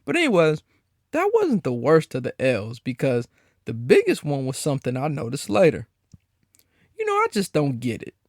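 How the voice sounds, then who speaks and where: Animated, profane male podcast host. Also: on the high side, moderate pace, no room sound, studio quality. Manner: profane, animated, incredulous ranting with frequent laughs. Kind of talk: solo podcast rant.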